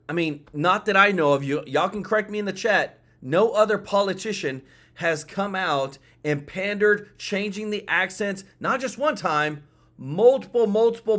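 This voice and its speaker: A man's voice: high voice, a bit bright. A man hosting a political commentary show, talking emphatically and often repeating himself as he speaks to his viewers. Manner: emphatic, repetitive, addresses viewers and chat.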